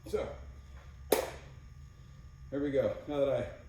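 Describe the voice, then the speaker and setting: A man's voice: mid-range voice, measured pace. A man giving casual workout instruction as a fitness coach, counting reps between exercise cues. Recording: very echoey room, mic far off, faint noise.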